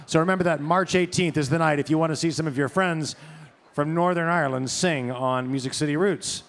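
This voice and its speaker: A man on a live concert stage giving enthusiastic wrap-up announcements in a fairly high voice. He sounds eager and promotional, urging listeners to follow the show. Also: brisk, fairly bright tone. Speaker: show interviewer.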